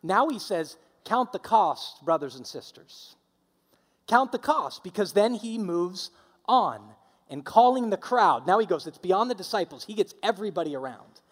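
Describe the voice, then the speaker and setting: A male pastor delivers a sermon in a fairly high voice, hammering his points with repetition and calling on the congregation to answer back. His voice carries a long reverb from a church hall. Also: big pitch swings, normal speed. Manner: emphatic, repetitive preaching with audience call-and-response.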